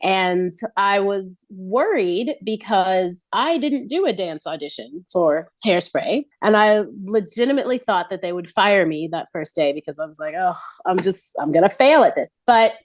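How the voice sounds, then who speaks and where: Lively Australian woman on a call. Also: medium pitch, moderate pace, few pauses, dry recording. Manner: lively, laughs often, acts out quotes. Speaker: guest performer. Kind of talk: casual interview chat. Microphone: laptop call.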